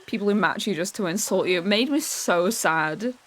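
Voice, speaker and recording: A young adult woman streamer in casual chat, animated, swearing freely and laughing often. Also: medium pitch, moderate pace.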